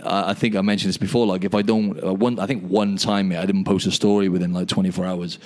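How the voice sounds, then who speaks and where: Fast-talking man, deep voice. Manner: animated storyteller, says "mate" and "you know what I mean" a lot. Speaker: podcast co-host. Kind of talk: casual podcast chat over video call. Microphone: video call.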